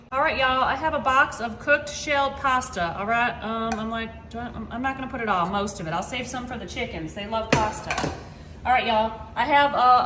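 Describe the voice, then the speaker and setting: Woman, high voice, chatty cooking vlog, says y'all a lot, echoey home kitchen. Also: slight background noise. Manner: chatty, keeps addressing viewers as y'all; excitable about food. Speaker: cooking vlogger. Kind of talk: casual cooking demonstration.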